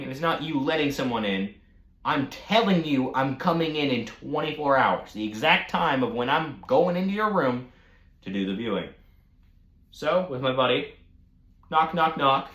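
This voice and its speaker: A young man telling a storytime rant with animated, profane delivery. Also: medium pitch. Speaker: vlogger. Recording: echoey room.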